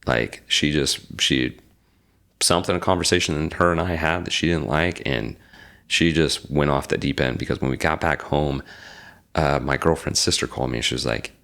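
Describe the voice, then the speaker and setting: A man in his forties with a very deep, gravelly voice, talking as a guest in a casual interview. He tells his story with energy and acts out what other people said. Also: moderate pace. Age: 40s. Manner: animated storyteller acting out quoted dialogue. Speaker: podcast guest. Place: lives in Reno.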